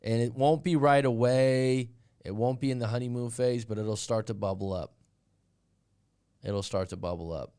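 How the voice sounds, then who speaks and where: A man's voice: mid-range voice, moderate pace, warm tone, clear, resonant tone. Middle-aged male coach, blunt and candid, mid-range voice, casual live-stream delivery. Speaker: dating and breakup coach, live stream host.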